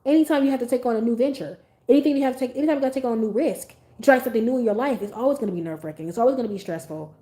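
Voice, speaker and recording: A young adult woman hosting a podcast, talking in a casual, blunt and animated way and swearing freely. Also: on the high side, rapid-fire, hardly any pauses. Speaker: podcast host. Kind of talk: casual opinion monologue.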